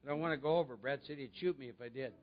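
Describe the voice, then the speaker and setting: A man's voice: mid-range voice, very fast, highs cut off. A man giving a conversational recovery talk to a meeting, often putting questions to his audience. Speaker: recovery speaker.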